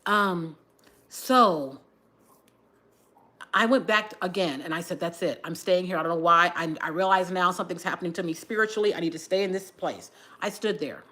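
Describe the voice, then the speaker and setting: A woman chatting casually on her livestream, telling a story while doing her hair, with an animated, lively delivery. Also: moderate pace. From Texas area. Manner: animated storyteller, shifts to high voice when quoting shouts. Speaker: livestream host.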